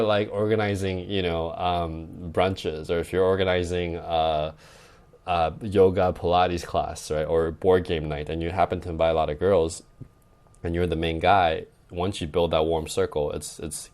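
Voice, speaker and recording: A man's voice: low-pitched, a little mellow. A young adult man who coaches dating, talking loosely in a podcast chat and often tagging lines with "right?". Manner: loose and conversational, frequent "like" and "right?" tags. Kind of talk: casual podcast advice talk.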